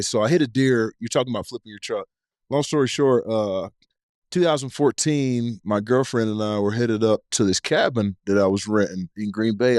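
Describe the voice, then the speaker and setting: A man, telling an animated, profane story as a podcast guest. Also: medium pitch, no room sound, studio quality. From East Tennessee. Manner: animated, profane, acts out scenes in his stories. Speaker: podcast guest, former football player. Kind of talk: casual storytelling chat.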